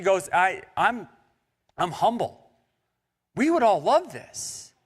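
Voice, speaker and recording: Preaching a sermon in a church sanctuary, a male pastor uses a high, bright, lifted voice that swings widely in pitch, and a long reverb from the hall trails his words. He's animated, slipping in and out of playful, casual voices for biblical characters.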